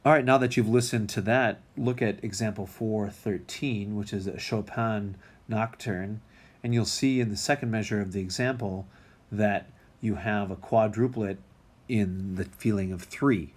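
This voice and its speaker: A man's voice: lowish voice, steady tone, unhurried. A man teaching music theory in a recorded lecture, talking casually with many ums and restarts.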